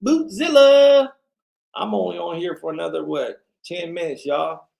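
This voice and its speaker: A man's voice: a little high, steady tone, normal speed, creaky. A tired man hosting a late-night livestream, ranting in a rambling, repetitive way and talking to his chat. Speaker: livestream host.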